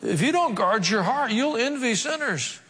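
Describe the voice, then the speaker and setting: A man's voice: very high voice, sing-song, moderate pace, sharp tone, husky, in a large hall. A man preaching a sermon, reading scripture aloud and breaking off into humorous asides and mock voices. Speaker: pastor.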